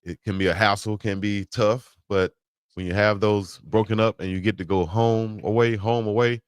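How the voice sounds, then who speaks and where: Deep-voiced joking sports show co-host man. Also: steady tone, moderate pace, clear, resonant tone, dry recording, studio quality. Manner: joking, trash-talking banter. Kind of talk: casual sports talk show chat.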